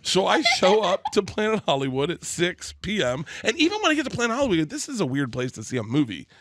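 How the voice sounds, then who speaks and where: A man, a comedian guest, telling a long anecdote in an excitable way, with quick restarts and stammers, and slipping into other people's voices. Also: high voice, noisy background. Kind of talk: animated storytelling anecdote.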